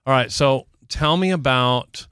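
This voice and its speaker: An older man co-hosts a recovery show from a radio studio, with a smooth, resonant voice recorded close and dry. He talks in a loose, folksy way, circling back and posing leading questions to his co-host. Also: medium pitch, a little slow, a bit bright, no room sound. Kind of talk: casual recovery podcast chat.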